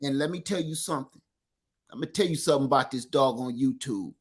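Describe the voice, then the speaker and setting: A middle-aged man with an East Texas accent, co-hosting a livestream and telling stories in animated, folksy casual chat. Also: medium pitch, fast talker, slightly rough. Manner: animated storyteller, folksy Southern talk. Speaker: livestream co-host.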